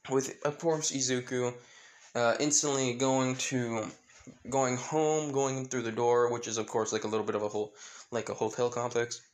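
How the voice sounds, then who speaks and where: A man's voice: mid-range voice, fairly even intonation, moderate pace. Casual male narrator, rambling and filler-heavy, telling a fan story. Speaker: channel host and narrator.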